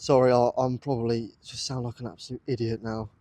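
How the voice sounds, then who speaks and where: A man's voice: mid-range voice, little pitch movement, a little fast, warm tone, no echo. Awestruck British man in a field. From United Kingdom. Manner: breathless, awestruck, repeats exclamations. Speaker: metal detecting vlogger. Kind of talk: excited outdoor vlog commentary. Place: outdoors in a muddy field. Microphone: camera on a tripod.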